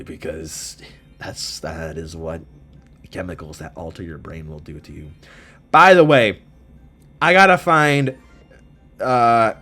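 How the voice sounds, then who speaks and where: A young man casually commentating his own gameplay, rambling and joking, with sudden loud yells. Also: fairly low pitch. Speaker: gaming channel host.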